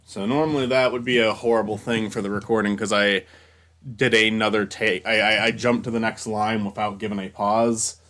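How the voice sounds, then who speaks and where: A young man and voice actor gives casual commentary while editing his takes, swearing often and breaking into frustrated, loud ranting. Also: fairly low pitch, little pitch movement, moderate pace. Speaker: voice actor and creator.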